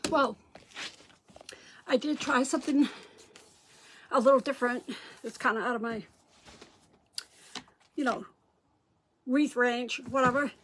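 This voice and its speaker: Bright, high-voiced chatty woman. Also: steady tone, measured pace, long pauses, slight background noise. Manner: chatty, greets viewers by name, scattered asides. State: out of breath. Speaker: craft livestream host. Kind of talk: casual live chat with viewers.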